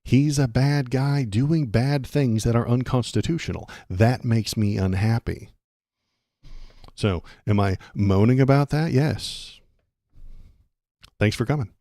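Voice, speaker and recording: A man's voice: mid-range voice, slow, long pauses, mellow, no echo, studio quality. A man from Texas hosting a casual political livestream, rambling and sarcastic, restarting his sentences often.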